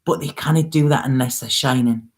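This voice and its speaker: A woman's voice: extremely low pitch, brisk. A woman tarot reader giving an emotional, earnest spiritual reading, coaxing her listeners and often checking in with "okay?". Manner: earnest, coaxing, with frequent "okay?" and "you know". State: near tears, emotional. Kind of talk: spiritual reading, casual monologue.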